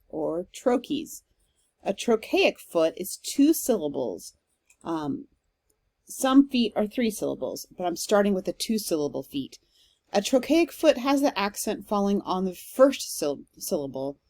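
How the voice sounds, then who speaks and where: A woman's voice: medium pitch, a little mellow, no room sound. A woman professor giving a recorded literature lecture, explaining step by step with frequent "um" fillers.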